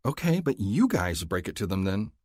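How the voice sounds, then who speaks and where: A man's voice: fairly low pitch, very animated, moderate pace, darkish tone, dry recording. A man voicing a wry human woman in an audiobook, dry and resigned.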